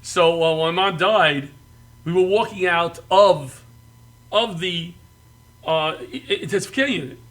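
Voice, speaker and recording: A middle-aged man from the New York area telling comic family stories, animated and often laughing and yelling. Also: sits high, measured pace. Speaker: guest comedian. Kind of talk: comic storytelling.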